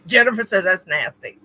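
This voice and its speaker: Bright-voiced woman reading chat comments. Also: mid-range voice, measured pace, rough recording. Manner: relaxed, reads out chat comments with laughs. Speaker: co-host reading viewer comments. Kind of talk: casual live-stream chat. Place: home.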